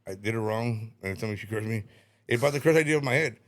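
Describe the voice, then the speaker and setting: A man's voice: on the low side, fast. A middle-aged man telling stories in casual podcast chat, repeating words, swearing and laughing as he rambles. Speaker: podcast guest.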